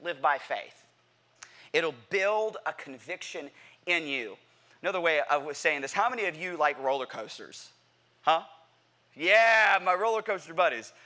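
A man preaching a sermon to a church congregation, animated and playful, asking the crowd questions and acting out what people say. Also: fairly high pitch, normal speed. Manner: animated, playful, acts out quotes; addresses congregation directly with questions. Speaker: pastor. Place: church sanctuary.

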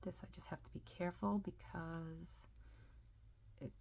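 Gushing woman with a gravelly edge. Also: fairly low pitch, fairly even intonation, moderate pace, darkish tone. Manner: chatty and gushing, with frequent "like" and "oh". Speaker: planner and sticker vlogger. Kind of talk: casual unboxing haul chat.

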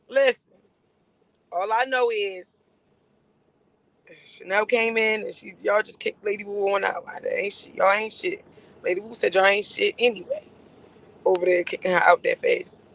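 A man's voice: high-pitched, fairly even intonation, moderate pace, vocal fry, pauses often, a bit bright, no room sound, poor audio. A man on a casual livestream, ranting in a sarcastic, repetitive way and laughing between phrases. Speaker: livestream host.

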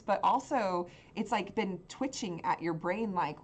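A woman's voice: mid-range voice, very animated, normal speed, few pauses. Woman game master for a tabletop game, loose and rambling. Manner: rambling, filler-heavy.

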